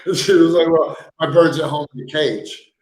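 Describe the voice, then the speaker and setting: This livestream host is a man with a somewhat high voice, a steady tone, and a moderate pace. Broadcasting casually from a sparse, echoey room in his home, he tells rambling stories, cracks jokes, and laughs frequently.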